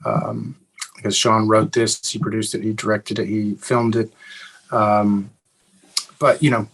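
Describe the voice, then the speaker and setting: Relaxed man, interview guest. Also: lowish voice, unhurried, gravelly, husky, low-quality recording. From Eastern Kentucky, US. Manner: relaxed, many fillers and restarts. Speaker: actor guest. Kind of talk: casual interview answers.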